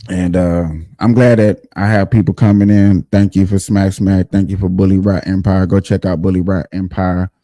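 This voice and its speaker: Guy running his live show, chatty and emphatic, lowish mellow voice, dry close mic. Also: level tone, normal speed, hardly any pauses, no room sound. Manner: emphatic, chatty, addresses viewers directly. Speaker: livestream show host. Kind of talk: casual livestream talk.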